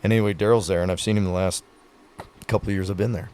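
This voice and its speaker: A man's voice: sits low, steady tone, very fast, darkish tone. A man, a retiring pro rodeo athlete, talking earnestly in a casual podcast conversation, telling stories with many fillers.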